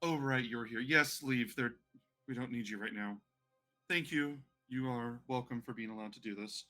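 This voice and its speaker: A man's voice: medium pitch, moderate pace, sharp tone, soft background music, lightly acted. A man voicing a vain, pampered godlike male ruler who speaks with grand, offhand condescension. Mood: dismissive. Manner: grandly self-satisfied, offhand and dismissive.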